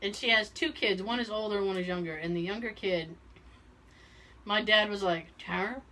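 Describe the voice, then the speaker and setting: A woman's voice: medium pitch, normal speed, slight background noise. A woman on a podcast telling family stories in casual chat, laughing often and acting out the people she quotes. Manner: animated, laughs often, acts out quoted voices. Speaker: podcast co-host.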